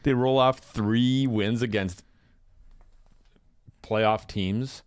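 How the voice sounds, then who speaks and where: A man's voice: mid-range voice, fairly even intonation, drawn-out words, clean tone, no room sound. A man co-hosting a casual podcast, chatty and rambling, laughing often and swearing casually. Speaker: podcast co-host. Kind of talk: casual chat.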